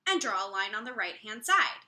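Bright, lively woman teaching children music. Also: medium pitch, roomy sound. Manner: slow, clear, encouraging teacher talk to young children.

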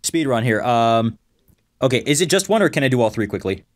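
A man co-hosting a podcast in casual chat, upbeat and quick to joke. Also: mid-range voice, animated. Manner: laughs often, upbeat and joking. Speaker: podcast co-host.

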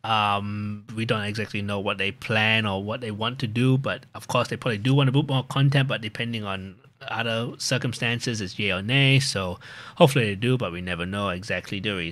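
A man's voice: fairly low pitch, pushed and bright, no room sound. A gaming streamer chatting casually at the end of his stream, rambling with plenty of fillers and restarts.

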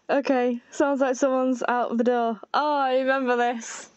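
A woman's voice: high voice, flat delivery, measured pace, smooth, no room sound, highs cut off. A woman playing a story game aloud and reacting emotionally to its lines. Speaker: game streamer.

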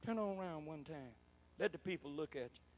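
A man preaching a prophetic sermon to a congregation in a church, calling for responses and repeating his lines, dropping to soft murmurs and then rising to loud exclamations. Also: fairly high pitch, fairly quick. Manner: emphatic, repetitive, swings between soft murmurs and loud exclamations. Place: church sanctuary.

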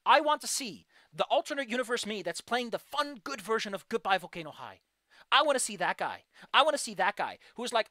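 A woman streamer giving a casual, frustrated, ranting critique of a game, with animated outbursts. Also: fairly high pitch, quick pace, dry recording, studio quality. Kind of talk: casual livestream commentary.

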